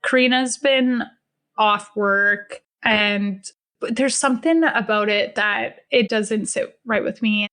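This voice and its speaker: A young woman telling a personal story in a relaxed, conversational way, slipping into the voices of the people she quotes. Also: medium pitch, takes it slowly. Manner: conversational, acts out the dialogue in quotes. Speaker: guest storyteller. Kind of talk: first-person true story told to a podcast.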